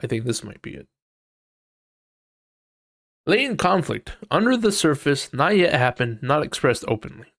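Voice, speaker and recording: A man's voice: fairly high pitch, sing-song, moderate pace, vocal fry, long pauses, a bit bright, no echo, clean studio sound. A man hosting a casual solo podcast. He thinks aloud while reading, swears freely, and acts out quoted people in exaggerated voices. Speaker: podcast host.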